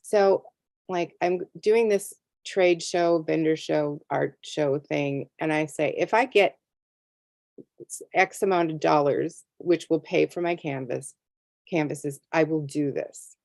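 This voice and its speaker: A woman's voice: sits low, slow pace, creaky, a little mellow, no echo. A middle-aged woman, a tarot artist, telling a story in a casual interview and acting out her own reactions. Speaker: tarot deck artist and guest.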